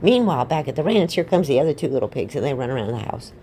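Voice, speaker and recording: A woman tells a fairy tale in a loose, rambling, irreverent way, tossing in offhand asides. Her voice is very low and dark, yet swings widely in pitch as she goes. Faint noise sits beneath. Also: very animated, rapid-fire. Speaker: storyteller. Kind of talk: casual comic storytelling.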